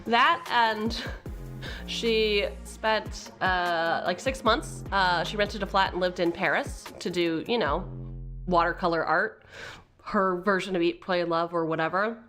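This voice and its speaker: A woman's voice: on the low side, unhurried, a bit bright, soft background music. A young woman streamer casually telling family anecdotes, chatty and laughing often between lines. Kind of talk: casual storytelling during a live stream.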